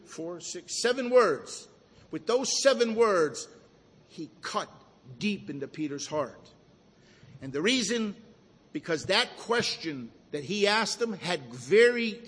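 High-voiced preacher in an echoing hall. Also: male voice. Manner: slow, emphatic preaching with dramatic drops to a hush. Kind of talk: sermon.

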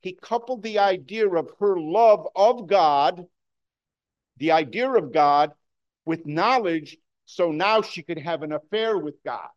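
A man preaching a sermon to his congregation, moving between loud excited bursts and hushed, slow emphasis. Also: sits high, highs cut off. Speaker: pastor.

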